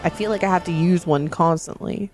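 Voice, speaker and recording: A woman's voice: on the low side, fairly quick, a little mellow, faint music behind. A woman streamer chatting casually while she plays a video game, giggly and chatty as she reads and answers her chat.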